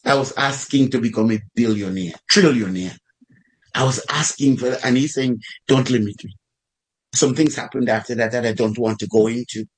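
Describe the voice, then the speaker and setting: A man's voice: mid-range voice, fairly quick, poor audio. A man preaching a sermon in a fervent storytelling manner, repeating phrases for emphasis.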